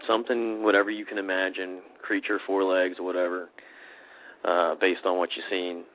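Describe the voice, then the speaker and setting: A man with a very low voice tells a story casually on a podcast. He rambles and restarts, with plenty of "uh" and "you know" between his thoughts. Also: level tone, moderate pace, fairly bright tone, rough recording. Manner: rambling, conversational, many fillers.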